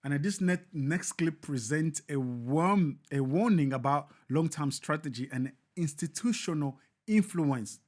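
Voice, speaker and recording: A man's voice: fairly high pitch, animated, unhurried, hardly any pauses, a little mellow. Emphatic, preachy male live-show host. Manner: emphatic, repetitive, preacher-like cadence.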